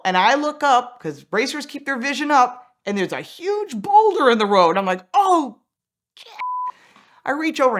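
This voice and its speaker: A woman who is an automotive journalist and racer, telling an anecdote in a casual way and acting out the dialogue. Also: fairly high pitch. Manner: animated, acts out quoted dialogue.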